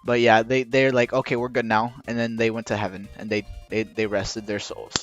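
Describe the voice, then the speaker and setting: A man rambling through a casual explainer while drawing, halting with many restarts and rushing against a timer. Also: on the low side, fairly even intonation. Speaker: video creator explaining game lore. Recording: dull lo-fi recording with faint music.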